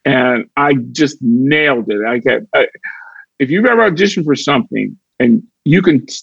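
A man's voice: medium pitch, normal speed, creaky, slightly rough, dry recording, dull audio. A man, an actor and comedian from Chicago, telling stories in a casual chat and acting out the voices in them. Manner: animated, acts out voices in his stories. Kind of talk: casual storytelling.

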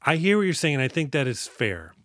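A man's voice: a little high, very animated, brisk, fairly bright tone, no echo, studio quality. A man co-hosting a casual movie podcast, joking, laughing often and acting out lines from the film. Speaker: podcast co-host. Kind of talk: casual movie review banter.

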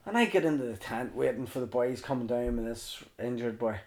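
A middle-aged man, telling a mountain story as a podcast guest, animated and swearing freely. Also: medium pitch, brisk. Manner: animated, swears freely, acts out others' lines. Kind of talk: casual storytelling.

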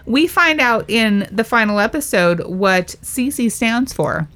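A woman's voice: on the high side, expressive, slow pace, fairly bright tone. A woman in casual chat, chiming in with enthusiastic trivia and fond memories of a sitcom. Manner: enthusiastic, chimes in with facts and fond recollections.

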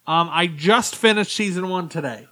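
A man talking casually on a podcast, his voice sitting a little high for a man. He rambles easily from one point to the next, with plenty of ums and uhs. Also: normal speed, bright, forceful tone. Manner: easygoing, chatty, frequent fillers. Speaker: podcast co-host. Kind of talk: casual chat.

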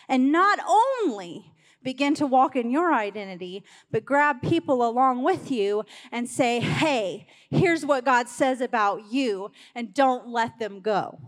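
Woman pastor, fairly high voice, conversational sermon, long church-hall reverb. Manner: conversational, urging the congregation along. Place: church sanctuary.

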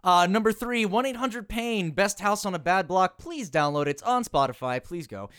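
A man co-hosting a podcast, excitable and profane, laughing often as he chats. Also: sits high, moderate pace, clear, resonant tone. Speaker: podcast co-host. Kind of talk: casual podcast banter.

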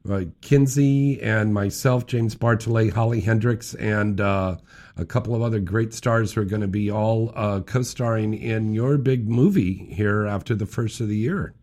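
A man's voice: lowish voice, moderate pace, a little mellow. A man hosting a late-night talk radio show, chatting loosely and joking with his guests and callers. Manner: loose, joking, laughs often. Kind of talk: casual talk radio chat.

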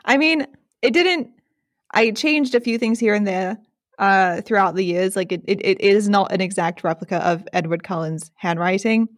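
A woman's voice: medium pitch, moderate pace, dry recording, clean studio sound. A young woman hosting a podcast, chatty and self-deprecating, laughing often. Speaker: podcast host. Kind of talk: casual chat.

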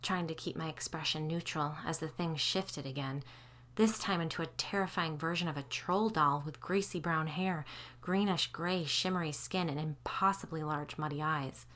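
Low-voiced woman narrating a ghost story. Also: normal speed, fairly bright tone.

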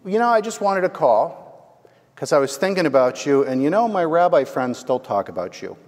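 A man's voice: fairly high pitch, very animated, moderate pace, darkish tone. A man preaching a sermon as the pastor, telling a story and asking the congregation "right?". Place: church. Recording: long hall reverb.

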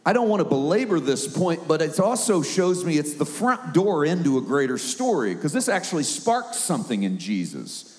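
A man's voice: a little high, sing-song, normal speed, a little mellow, big-room sound. A middle-aged man preaching a sermon in a conversational way, sometimes acting out the voices he quotes.

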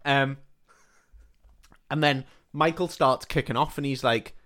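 A man hosting a casual podcast, talking at an ordinary pitch in a relaxed, chatty way. He retells scenes with quick asides and laughs easily. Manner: chatty, retelling a film with acted quotes, laughs often. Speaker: podcast co-host. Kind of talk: casual chat.

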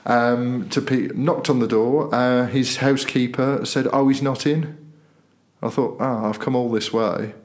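Man, podcast host, chatty anecdotes, mid-pitched voice, lively storyteller. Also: unhurried. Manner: animated storyteller, acts out voices in quotes. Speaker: newspaper editor and podcast host. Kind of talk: casual chat, anecdote telling.

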